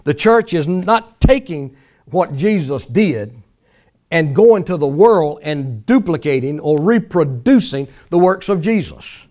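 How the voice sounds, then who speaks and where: A man's voice: on the high side, expressive, slow, darkish tone. A male pastor preaching a sermon in a folksy, emphatic way, mimicking pleading prayers for effect.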